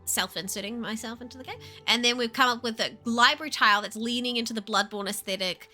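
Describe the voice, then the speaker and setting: A young New woman streaming, her voice bright and a touch high. She chats casually and animatedly, swearing freely, with faint music playing behind her. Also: quick pace. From New Zealand. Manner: animated, laughing often, swearing. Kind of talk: casual livestream chat.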